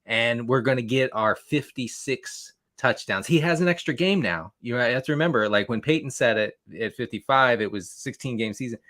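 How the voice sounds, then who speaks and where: A man's voice: medium pitch, lively intonation, moderate pace, hardly any pauses, a bit bright. A man guesting on a fantasy football podcast, rambling and repeating words as he talks. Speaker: guest analyst.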